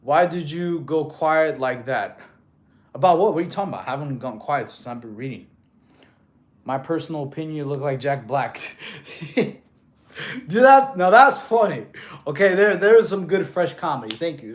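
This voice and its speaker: A man's voice: fairly high pitch, animated, moderate pace. A man in his thirties, a fitness streamer, chatting casually and reading viewer messages aloud in a laid-back way, calling people bro. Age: 30s.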